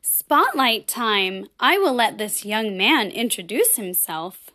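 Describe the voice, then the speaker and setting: A woman teaching a children's class, speaking slowly and with exaggerated, bubbly emphasis for young kids. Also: mid-range voice, very animated, bright, forceful tone. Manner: bubbly, frequent laughs. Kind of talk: children's lesson, sing-along.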